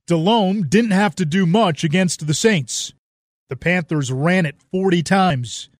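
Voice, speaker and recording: A man narrates a sports documentary in a measured, scripted delivery. His voice sits fairly high for a man, with music underneath. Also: dry recording, studio quality. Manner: measured, even storytelling delivery.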